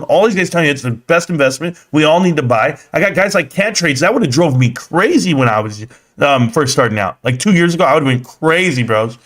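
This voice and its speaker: A man's voice: on the high side, a bit bright. A young man hosting a casual live stream, joking loosely in slang and reading chat comments aloud.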